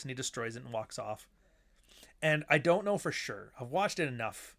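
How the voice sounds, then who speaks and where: A man's voice: medium pitch, expressive, normal speed, vocal fry, fairly bright tone. Rambling, cursing man riffing on films. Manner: rambling, swears freely, acts out quoted lines. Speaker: author and host. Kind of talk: casual film commentary.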